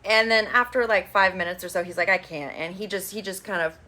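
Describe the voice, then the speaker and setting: A woman hosts a casual recap of a reality dating show, with a bright, forceful voice. She talks in a chatty, opinionated way and swears casually as she goes. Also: medium pitch, fairly even intonation, fast.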